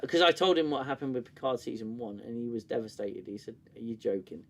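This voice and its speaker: A man's voice: medium pitch, fast talker, a bit bright. A man hosting a casual review livestream, talking in a rambling, candid way, swearing often and laughing easily.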